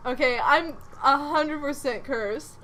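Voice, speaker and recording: A woman doing casual gameplay commentary as a streamer, chatty and prone to loud exasperated outbursts. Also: high voice, slow, a little hiss or hum. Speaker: game streamer.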